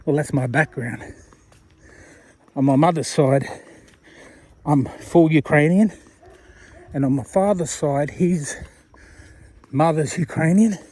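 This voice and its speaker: A man's voice: a little high, slow pace, long pauses, mellow. An Australian man talking casually to a viewer while walking outdoors along a road, rambling and self-deprecating. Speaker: vlogger. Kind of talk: casual walking vlog talk.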